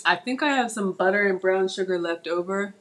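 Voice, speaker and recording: A woman's voice: medium pitch, brisk. Chatty woman cooking live. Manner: chatty, reads viewer comments aloud while cooking. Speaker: cooking channel host. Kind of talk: live cooking stream chat. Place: home kitchen. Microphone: tablet on the counter.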